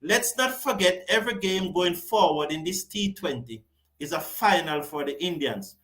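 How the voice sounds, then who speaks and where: This is a man from the West Indies, hosting a live online cricket commentary. His voice sits high for a man. He commentates with open passion, repeats his points for emphasis and answers viewers' comments as he goes. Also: lively intonation, normal speed, a bit bright.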